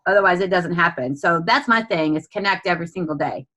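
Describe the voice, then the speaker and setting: A woman's voice: fairly low pitch, quick pace, pushed and bright. A woman in her thirties or forties, co-hosting a casual talk show, earnest and openly emotional as she speaks. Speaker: co-host. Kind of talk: casual chat and reading a personal affirmation statement.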